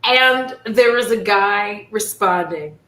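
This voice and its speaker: A woman's voice: mid-range voice, takes it slowly, a bit bright. A woman in casual chat, telling stories animatedly and acting out exchanges, with frequent swearing. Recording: echoey room with faint noise.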